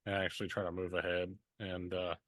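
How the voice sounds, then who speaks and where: A man's voice: deep voice, level tone, brisk, fairly bright tone, no room sound. A man playing in an online tabletop game, joking and laughing often. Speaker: player. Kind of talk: casual tabletop game chat.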